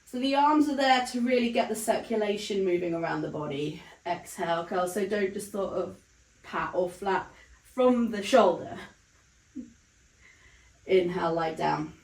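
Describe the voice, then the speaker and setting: A woman's voice: mid-range voice, measured pace, creaky, a little mellow. A woman teaching Pilates, with a mid-range voice that bounces around an echoey room. She explains each position steadily and counts the breaths while doing the exercise with her class. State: breathless, counts fading to breathy whispers during exertion. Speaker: Pilates instructor. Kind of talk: guided exercise instruction.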